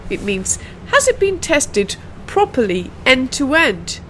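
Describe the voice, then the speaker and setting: British woman, pronunciation teacher, higher voice, slow deliberate delivery, faint noise behind. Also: big pitch swings, a bit bright, rough recording. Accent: British English. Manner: slow, carefully drilled pronunciation with repeated sounds. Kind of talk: pronunciation lesson.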